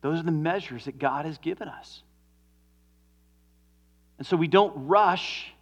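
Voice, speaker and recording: A man preaching a sermon as a pastor, earnest, moving from emphatic stresses to hushed, drawn-out endings. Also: fairly high pitch, dull audio.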